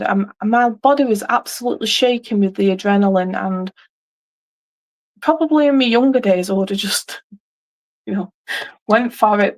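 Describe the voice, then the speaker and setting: A middle-aged woman, host of a livestream, chatting casually and telling a rambling story with many restarts. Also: mid-range voice.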